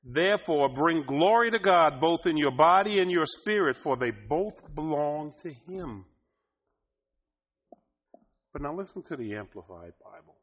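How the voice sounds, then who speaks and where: A man preaching a sermon, often laughing and rising to loud, emphatic bursts, in a dull lo-fi recording. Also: a little high, animated, a little slow.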